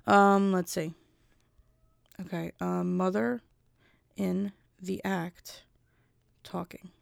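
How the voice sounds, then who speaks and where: A woman's voice: on the low side, level tone, very slow, vocal fry, dry recording, studio quality. A young woman vlogger chatting casually and rambling, often interrupting herself. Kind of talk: casual rambling chat to camera.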